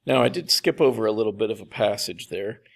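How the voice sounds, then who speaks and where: A man preaching a conversational sermon as pastor, slowing down to repeat key phrases with emphasis. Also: on the low side, gravelly. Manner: conversational, with slow, emphatic repetition.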